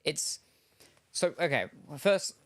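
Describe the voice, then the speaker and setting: A man's voice: on the high side, expressive, takes it slowly, a bit bright. A man chatting casually on a live stream while unboxing, rambling and chuckling between remarks, on a headset.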